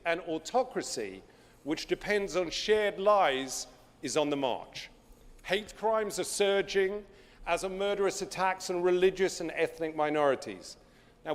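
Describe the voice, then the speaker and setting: A man delivering a formal prepared speech, deliberate and emphatic, with dramatic pauses. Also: fairly high pitch, long reverb tail. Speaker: speaker.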